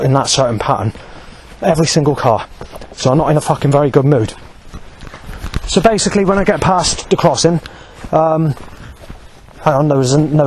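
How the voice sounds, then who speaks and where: Man, agitated vlog rant, heavy profanity, restless self-correcting delivery, a bit higher pitched. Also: darkish tone, slight background noise, low-quality recording. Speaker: vlogger. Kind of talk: angry spoken account.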